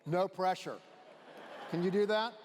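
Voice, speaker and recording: A man's voice: sits high, measured pace, a little mellow, a little hiss or hum. A man pastor giving a sermon, chatty and playful, laughing easily as he brings up a volunteer. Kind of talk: sermon with live audience participation. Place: large church auditorium. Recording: long reverb of a large church hall.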